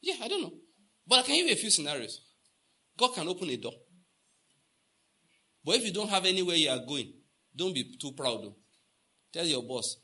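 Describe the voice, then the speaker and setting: Husky, lively Nigerian preacher man. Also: fairly high pitch, normal speed, long pauses. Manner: storytelling, acts out dialogue, repeats for emphasis, asks the congregation questions. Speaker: pastor. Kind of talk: sermon.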